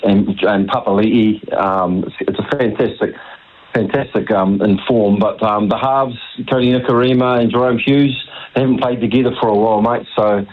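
A man's voice: fairly low pitch, steady tone, normal speed, phone-quality sound. A man from New Zealand phoning in to a radio show, talking in a rambling, hesitant way full of "mate" and fillers. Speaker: radio caller. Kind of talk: phone-in chat.

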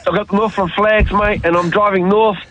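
A man with a New Zealand accent calling a radio show from his truck, emotional and in shock, halting and repeating himself. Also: high voice, steady tone, fairly bright tone, dry recording, soft background music. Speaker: radio caller, retired mascot performer. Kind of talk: emotional phone call. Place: in a work truck. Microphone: phone. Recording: dull phone line.

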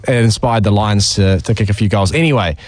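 A man's voice: fairly low pitch, fairly quick, dry recording. A male radio co-host chatting casually about sports, opinionated and full of ideas.

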